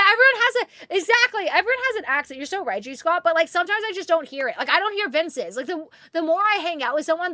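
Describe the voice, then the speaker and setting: A chatty, excitable woman streamer with a high, bright voice. Her pitch leaps around freely as she reads chat aloud. The sound is dry and close. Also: no echo. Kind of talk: casual chat while gaming.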